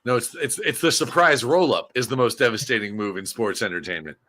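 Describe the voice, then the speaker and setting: A man co-hosting a live wrestling watchalong podcast, analyzing the match with halting restarts. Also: medium pitch, sharp tone. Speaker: podcast co-host.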